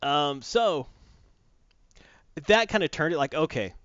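A man in a casual chat, retelling a comic book story in animated fashion and acting out the characters' lines. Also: fairly high pitch, takes it slowly, no room sound, dull audio.

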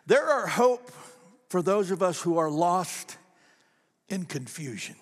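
A man's voice: high voice, sing-song, slow, pauses often. A man preaching a sermon as pastor, telling stories with animation and repeating phrases for emphasis. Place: church sanctuary. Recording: long reverb of a large church hall.

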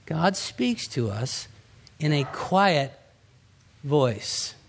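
A middle-aged man preaching a sermon as a pastor, chatty and conversational, acting out quotes with sudden rises and hushed drops. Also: a little high, very animated, very slow, creaky, a little hiss or hum.

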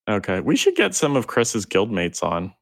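Low-voiced man hosting a chatty podcast, relaxed and chuckling. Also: creaky. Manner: easygoing, laughs between remarks. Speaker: podcast host. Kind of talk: casual gaming podcast chat.

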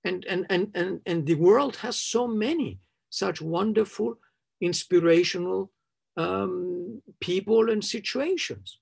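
A man answering interview questions off the cuff, hesitant and searching for words, often restarting and chuckling softly. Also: high-pitched, slow pace, gravelly, husky. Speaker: interviewee speaking on trauma.

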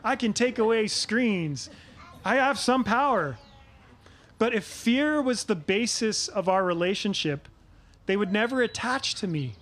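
A middle-aged man preaching a sermon, earnest and measured, asking his listeners rhetorical questions. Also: high-pitched, fairly bright tone. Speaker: pastor.

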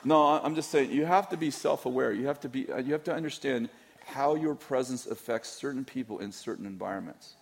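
A man's voice: mid-range voice, fairly quick, gravelly, a little mellow, a little hiss or hum. A middle-aged man, a pastor, talking candidly in a Q&A with a rambling, teasing manner and frequent restarts. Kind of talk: candid Q&A talk to a church audience.

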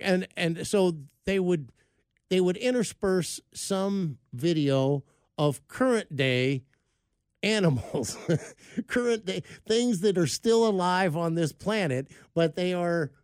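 A man's voice: sits high, darkish tone, no room sound, studio quality. A middle-aged man hosting a show, telling a rambling, self-mocking story in casual chat. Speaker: show host.

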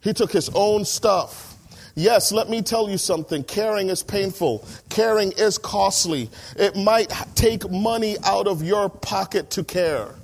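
A male pastor in his thirties delivers a sermon in a slightly raised voice. He is animated and emphatic, slows down to stress his points and mimics the people in his stories. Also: high voice, vocal fry.

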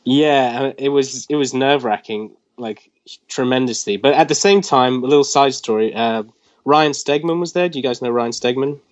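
A man's voice: mid-range voice, normal speed, no room sound. A man in his twenties, a comic artist, recounting a story as a guest in a casual interview, with lots of fillers. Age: 20s. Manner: rambling, animated retelling with filler words. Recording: dull lo-fi dry recording.

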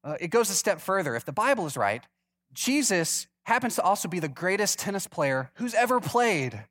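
High-voiced man preaching casually. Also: very animated, moderate pace, a bit bright. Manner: conversational, asks the congregation questions. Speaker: pastor. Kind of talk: sermon.

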